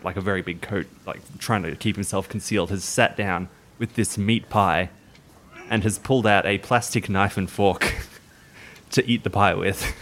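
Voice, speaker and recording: A man's voice: low-pitched, a bit bright. A man with an Australian accent narrating a tabletop game as game master, casual and full of fillers. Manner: casual, filler-heavy storytelling.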